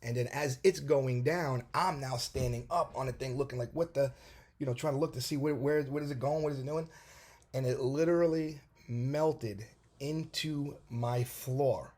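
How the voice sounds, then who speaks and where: A man casually telling a personal testimony to camera, animated and full of restarts and fillers. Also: medium pitch, normal speed, breathy edge. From New York, USA.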